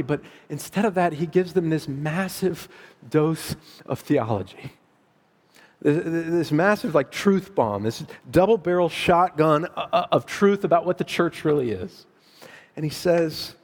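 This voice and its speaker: A middle-aged man preaching a sermon in a conversational, animated way, laughing at his own asides. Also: fairly high pitch, normal speed. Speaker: pastor. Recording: long hall reverb.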